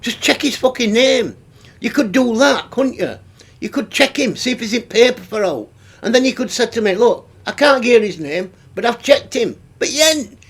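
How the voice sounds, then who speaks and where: High-voiced sweary man. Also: lively intonation, moderate pace, a bit bright, slightly rough. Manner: sweary, exasperated, laughs between remarks. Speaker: YouTube commentary host. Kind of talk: ranting commentary vlog.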